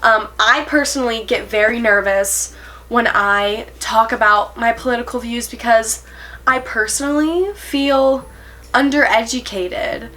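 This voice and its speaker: An eighteen-year-old woman chats to her camera in a casual vlog, earnest and a bit nervous. Her voice sits a little high and sounds bright and forward, and she rambles, corrects herself and giggles self-consciously. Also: unhurried. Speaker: vlogger.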